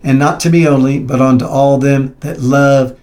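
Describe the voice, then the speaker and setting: A man's voice: medium pitch, fairly even intonation, a little mellow. A man preaching a sermon, reading scripture aloud and speaking plainly, often repeating himself and restarting. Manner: halting, repeats words and restarts; reads scripture aloud between plain comments.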